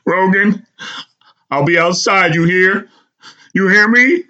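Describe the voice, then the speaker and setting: A man voicing a desperate, insistent mother in a high, strained pleading voice, on a slightly dull recording. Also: takes it slowly, sharp tone, exaggerated voice. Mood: tearful pleading. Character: pleading, insistent mother, middle-aged woman.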